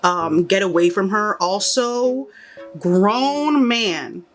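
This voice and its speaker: A woman's voice: medium pitch, lively intonation, extremely slow, faint music behind. A young woman chatting casually while doing her makeup, giving rambling, opinionated commentary with exasperated asides. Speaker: beauty and pop culture vlogger.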